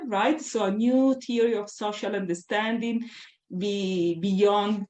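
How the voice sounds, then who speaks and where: A woman giving an academic lecture, thoughtful and deliberate, pressing hard on her key ideas. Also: medium pitch. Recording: roomy echo.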